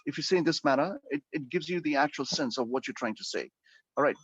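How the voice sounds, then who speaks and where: A man with a slightly higher voice lectures an online English speaking class. He explains at length, often restarting sentences and filling pauses. The computer-mic sound is dull and dry, with no room around it. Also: lively intonation, no room sound. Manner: explanatory, with frequent fillers and restarts. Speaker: English speaking-test teacher.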